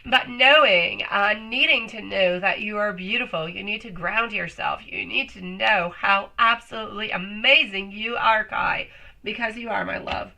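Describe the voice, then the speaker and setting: A woman's voice: mid-range voice, normal speed, creaky, sharp tone, rough recording. A woman doing a live tarot reading, chatty and affectionate, calling viewers sweetie and love, her voice still a little off while she recovers. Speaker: tarot reader.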